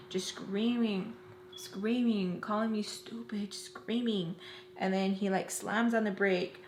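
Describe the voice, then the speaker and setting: Doing her makeup, this woman vlogger shares a personal story in an emotional, fast retelling loaded with "like" and fillers. Her medium-pitched voice has a darkish tone and fairly even intonation, heard in a roomy, echoey space with slight background noise.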